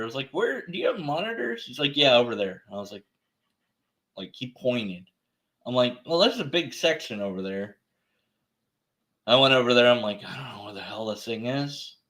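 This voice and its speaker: A man's voice: medium pitch, pushed and bright. A man commenting on an online debate exchange, exasperated and ranting, acting out little scenes with quoted voices. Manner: exasperated, ranting, acts out store clerks in quotes. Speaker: atheist commentary streamer. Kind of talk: reading and reacting to a debate exchange.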